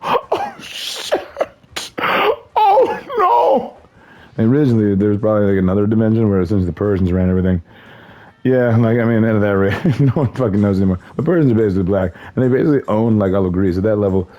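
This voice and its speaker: A man's voice: lowish voice, very fast, mellow. A man streaming a game, rambling loosely, swearing and laughing often. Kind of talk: rambling gameplay commentary.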